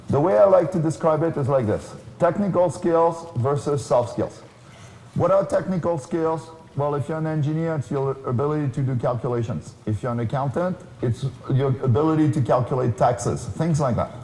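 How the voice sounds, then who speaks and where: A man's voice: fairly high pitch, darkish tone, slight background noise. A man giving a keynote talk at a conference, explaining his ideas step by step. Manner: structured, explanatory, defines terms step by step. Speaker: keynote speaker. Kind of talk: conference lecture. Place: conference hall. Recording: echoey hall with long reverb.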